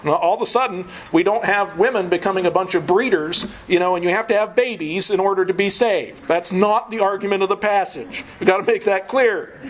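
Guy preaching a sermon, pretty high voice, chuckles here n there, faint hum of the room. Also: fairly quick, few pauses, poor audio. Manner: earnest teaching with frequent chuckles.

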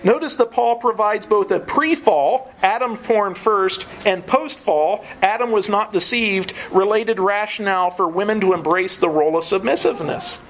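A man's voice: sits high, moderate pace, few pauses, a bit bright, poor audio. A man preaching a sermon, earnest teaching that often breaks into a chuckle.

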